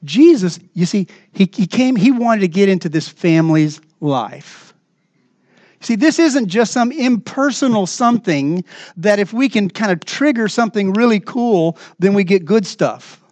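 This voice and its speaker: A man preaching a sermon as pastor in a church, earnest and emphatic, moving between raised passages and hushed asides. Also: sits high, lively intonation, a little slow, no echo.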